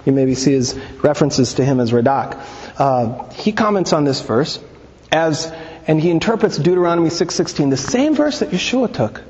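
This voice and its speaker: Male Bible teacher, high-pitched, chatty storytelling delivery, muffled sound with a long hall tail. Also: lively intonation, moderate pace, darkish tone. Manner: conversational, poses rhetorical questions, retells stories. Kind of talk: teaching talk on scripture and Talmud. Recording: long reverb, dull lo-fi sound.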